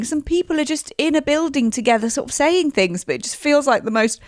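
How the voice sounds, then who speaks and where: A woman's voice: high voice, animated, fairly quick, darkish tone, no echo, studio quality. A woman co-hosting a casual chat about a TV show, giggly and dramatic, laughing often. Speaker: podcast co-host.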